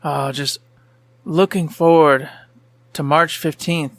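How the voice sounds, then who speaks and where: A man's voice: a little high, steady tone, slow pace, a bit bright. A man in his thirties co-hosting a casual podcast chat, laid-back and laughing often. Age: 30s. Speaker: podcast co-host.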